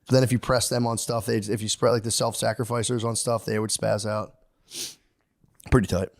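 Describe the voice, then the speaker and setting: A man's voice: on the low side, little pitch movement, a little fast. A man co-hosting a podcast in casual chat, loose and profane, often dropping into goofy quoted voices. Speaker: podcast co-host.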